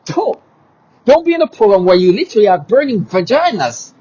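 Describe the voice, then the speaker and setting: A man's voice: high-pitched, very animated, quick pace, warm tone, muffled recording. A man speaking in an agitated monologue to camera. He talks emphatically and repeats himself, with many restarts and rhetorical questions. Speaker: vlogger.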